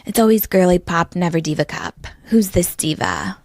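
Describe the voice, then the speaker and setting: Deadpan sardonic woman host. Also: fairly low pitch, normal speed, no room sound, studio quality. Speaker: podcast host. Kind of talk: sarcastic monologue.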